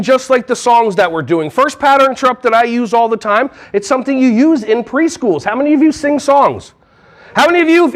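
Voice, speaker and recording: A man from New Jersey giving a playful, animated keynote on early childhood classroom management to a conference crowd. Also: very high-pitched. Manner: playful and animated, breaking into silly voices and songs. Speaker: early childhood education trainer. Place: large conference hall.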